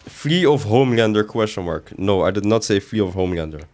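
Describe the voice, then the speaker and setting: A man's voice: lowish voice, lively intonation, fairly quick, a little mellow. A young man chatting casually while he streams a video game, joking back at chat, his voice jumping up when he protests. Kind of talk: live gaming stream commentary, reading chat.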